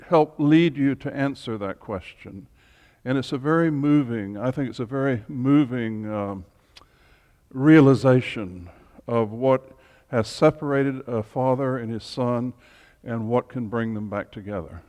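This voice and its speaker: A man teaches a group in an informal way, chatting and tossing in humorous asides. He talks at an unhurried, deliberate pace at a middle pitch. His voice rings with a long reverb, as if he were in a large hall. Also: darkish tone. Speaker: Bible study leader.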